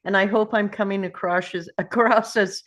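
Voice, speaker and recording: A woman from Scandinavia in a relaxed video call chat, with a mid-pitched voice. She jokes and teases the others, and she laughs easily. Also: normal speed. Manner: teasing, playful.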